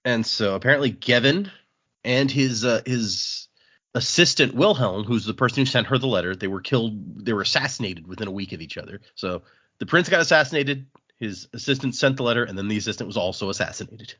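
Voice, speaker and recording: Lively, husky-voiced man recapping a story. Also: medium pitch, a little fast. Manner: animated storytelling, acting out characters' lines. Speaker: podcast co-host recapping a graphic novel. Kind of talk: casual chat. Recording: dull lo-fi podcast audio.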